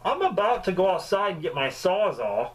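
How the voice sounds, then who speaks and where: A man with a high-sitting voice gives a casual, comedic movie review at normal speed, and the audio quality is poor. He's animated, wanders into rambling asides, and swears freely.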